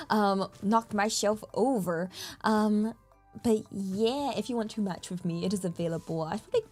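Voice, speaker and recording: A bubbly young-sounding woman chatting on a live stream, her voice sitting a little high and bouncing all over. She giggles and gets excited easily. Faint music plays behind her. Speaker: VTuber streamer. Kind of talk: casual live-stream chat.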